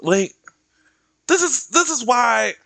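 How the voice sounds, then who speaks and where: A man streamer ranting casually, slangy and animated, dropping into other voices to act out quotes. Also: extremely high pitch, takes it slowly, creaky, dry recording. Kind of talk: casual rant.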